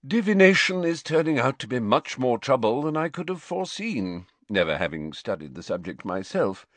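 A man reading an audiobook, voicing an elderly wizard headmaster who speaks in a measured, patient and slightly tired way. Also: mid-range voice, big pitch swings, no room sound, pitched above the performer's own voice. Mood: patient, weary. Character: elderly wise male headmaster, calm, weary. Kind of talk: audiobook character voice.

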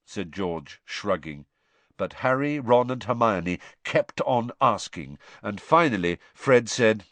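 A man narrating an audiobook in an expressive way, shifting voices for the characters. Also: sits low, unhurried, no echo.

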